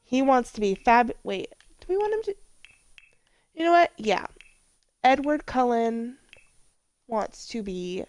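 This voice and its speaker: A woman's voice: on the high side, animated, takes it slowly, pauses often, darkish tone, no echo. A woman giving casual, rambling commentary over a life-sim game, telling personal stories, swearing casually and exclaiming at what happens on screen. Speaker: let's play vlogger.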